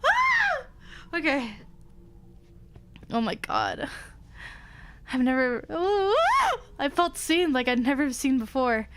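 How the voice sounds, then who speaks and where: A woman streamer reading a horror story aloud, hushing for the narration and breaking into frightened shrieks, swearing and nervous laughter. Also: sits high, unhurried, slight background noise. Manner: animated and dramatic.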